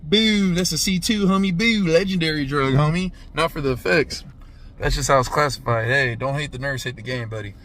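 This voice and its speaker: A man in his thirties giving a casual, profane movie review, punctuating the retelling with "boom" sound effects and "right?" after nearly every line. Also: brisk, a little hiss or hum. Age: 30s. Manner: animated, profane, says "right?" constantly.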